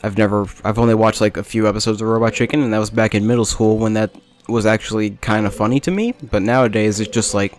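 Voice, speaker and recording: A man's voice: lowish voice, steady tone, fast, soft background music. Rambling young man's gameplay commentary. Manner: rambling, jokey, self-deprecating, jumps between topics. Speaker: let's play commentator. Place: small hot bedroom with a fan running.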